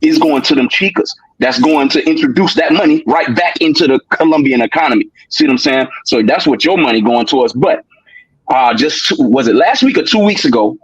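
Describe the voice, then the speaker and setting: Husky-voiced man on a dull dry line. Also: medium pitch, lively intonation, a little fast, dry recording. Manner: emphatic, asks "you know what I'm saying?" often. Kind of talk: casual chat.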